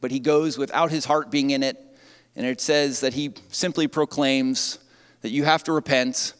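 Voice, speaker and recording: A man preaching a sermon as pastor, animated and conversational. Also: mid-range voice, moderate pace, clear, resonant tone. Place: church sanctuary. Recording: long church reverb.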